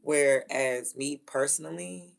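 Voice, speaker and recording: A woman who is a mother, telling stories in a blunt, profane, animated way and laughing often. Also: low-pitched, slow pace, gravelly, soft background music. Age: adult with children. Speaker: vlogger. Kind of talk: casual storytelling rant.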